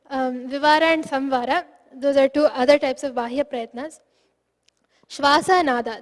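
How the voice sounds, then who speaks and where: A woman's voice: high voice, in a large hall. A woman teaching a phonetics class, patiently explaining step by step and sounding out syllables aloud.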